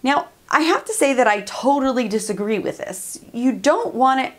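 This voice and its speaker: This high-pitched, highly animated woman hosts a parenting channel and works as a parenting coach. Speaking at a moderate pace with a fairly bright tone, she offers casual, chatty advice to camera, laughing often and acting out what to say.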